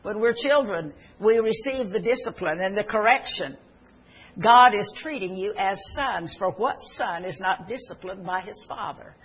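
Woman preacher, husky tone, earnest storytelling sermon with emphatic peaks. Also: mid-range voice, animated, normal speed, low-quality recording. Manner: earnest, swelling to emphatic exhortation. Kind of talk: sermon with personal stories.

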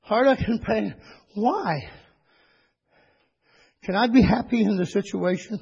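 A man preaching a sermon to his church, rising into high, excited bursts and calling for amens. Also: slow pace, vocal fry, breathy edge. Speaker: pastor. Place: church sanctuary. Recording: dull lo-fi church recording with long reverb.

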